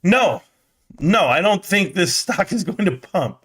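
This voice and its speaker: Man, middle-aged, live stream host, joking trash talk, winded, slightly high voice. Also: expressive, a little slow, a bit bright, slightly rough. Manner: brash, joking, trash-talking. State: out of breath. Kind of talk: casual live stream chat.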